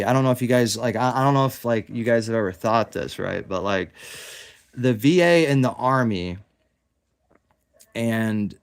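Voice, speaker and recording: A man with a somewhat low voice rants straight at the camera. He swears freely, mocks his listeners with sarcasm, and keeps circling back over the same words. He is from the United States. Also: a little mellow. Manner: profane, sarcastic, repeats himself and trails off. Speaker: self-represented litigant. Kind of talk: angry direct-to-camera rant.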